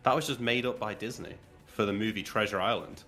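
A man playing a tabletop game with friends, chatting casually, animated and laughing as he lectures playfully. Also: fairly low pitch, a little fast, soft background music. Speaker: player.

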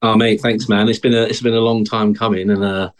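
A man from the south, a former marine, talking casually and haltingly as a podcast guest. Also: on the low side. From England. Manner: relaxed, hesitant, many fillers. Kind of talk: casual interview talk.

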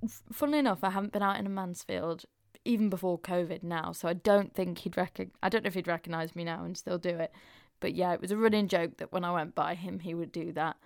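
A woman's voice: lowish voice, fast talker, dry recording, studio quality. A young woman hosting a podcast, chatting frankly and openly with lots of casual fillers. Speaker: podcast host. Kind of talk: casual confessional chat.

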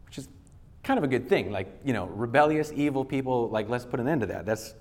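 A man's voice: medium pitch, expressive, a little fast. A male pastor giving a sermon, retelling a scripture story in casual everyday words and reading verses aloud.

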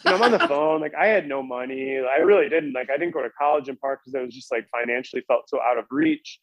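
A man's voice: medium pitch, sing-song, fast, no room sound. Man, podcast guest, rambling storyteller, dry close sound, slightly dull lo-fi audio. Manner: rambling, frequent "like" and restarts. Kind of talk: casual storytelling.

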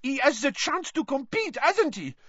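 A man voicing an indignant, haughty young woman in a story reading, pitched far up. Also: sing-song, normal speed, bright, forceful tone, no echo, exaggerated voice. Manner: high, haughty, insistent. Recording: dull, slightly lo-fi.

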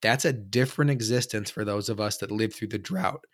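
A man hosting a sports podcast, chatting casually and telling stories with animated quoted voices. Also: lowish voice, a little fast. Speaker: podcast host.

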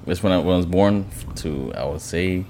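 Deep-voiced laid-back man. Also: normal speed, mellow, slight background noise. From New York. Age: 30s. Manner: laid-back, rambling with fillers. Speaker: podcast co-host, guest telling his story. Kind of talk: casual podcast chat.

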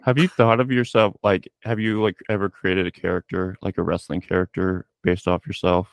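Man, very low voice, podcast host, thoughtful, filler-heavy, dry muffled mic. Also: little pitch movement, moderate pace, vocal fry, no room sound. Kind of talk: casual podcast chat.

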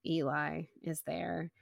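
Low-voiced chatty woman podcaster. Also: vocal fry, bright, forceful tone, no room sound, studio quality. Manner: chatty retelling of the chapter, peppered with "like". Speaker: book club podcast co-host. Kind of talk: casual chat.

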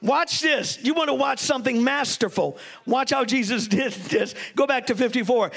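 A man with a notably high-pitched voice preaches a sermon. He leads the congregation in call-and-response and gets openly excited over his points, mixing jokes into the teaching. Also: normal speed, gravelly, few pauses. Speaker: bishop preaching.

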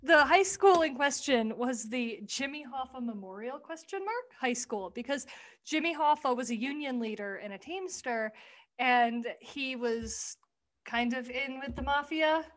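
A young woman with a high voice chats casually on a podcast. She recaps a sketch in an animated, swearing way and acts out the lines. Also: unhurried. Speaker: podcast co-host.

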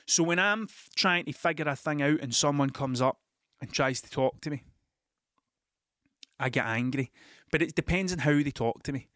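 A man's voice: mid-range voice, fairly bright tone, no echo, studio quality. A Scottish man telling a rambling, sweary story in casual monologue, laughing often as he goes. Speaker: podcast host.

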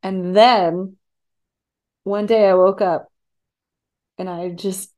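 A woman in her thirties chatting casually with her partner. She tells an animated story and laughs often. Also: on the low side, normal speed, pauses often. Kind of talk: casual conversation.

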